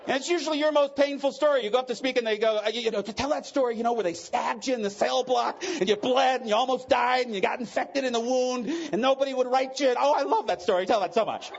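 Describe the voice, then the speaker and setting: A man's voice: extremely high pitch, fast talker, vocal fry, hardly any pauses, highs cut off. A middle-aged man speaking at a recovery convention, telling candid, joking and emotional stories from his own life. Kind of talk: personal testimony talk.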